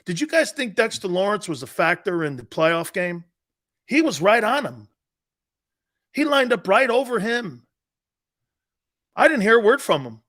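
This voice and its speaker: Brash high-voiced sports talk host. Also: male voice, big pitch swings, normal speed, long pauses, a bit bright. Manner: brash, blunt, emphatic, addresses listeners as dude. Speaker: sports talk show host and former player. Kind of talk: opinionated sports talk commentary.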